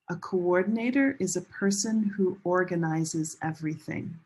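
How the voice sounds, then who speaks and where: A woman teaching English as a second language in a recorded online lesson, modeling pronunciation slowly and carefully and repeating words for learners. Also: on the low side, darkish tone, husky, low-quality recording. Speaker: ESL teacher.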